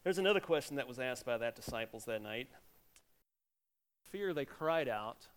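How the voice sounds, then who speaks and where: A middle-aged man, a pastor, giving a sermon in an animated preaching manner with sudden loud exclamations. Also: mid-range voice, moderate pace, clean tone.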